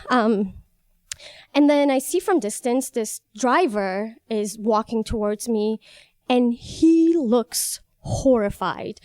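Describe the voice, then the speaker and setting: Young woman telling a vivid story, smooth voice. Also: fairly high pitch, dry recording. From Iran. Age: young adult. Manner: vivid, animated, laughs at herself. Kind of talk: personal story told live.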